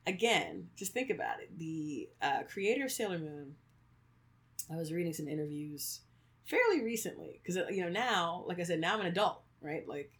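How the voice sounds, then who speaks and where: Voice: mid-range voice, moderate pace. Chatty thirties podcaster acting out quotes. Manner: animated storyteller, acts out quotes, many "like"s; laughs often. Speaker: podcast co-host, creator of fictional worlds. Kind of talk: casual chat.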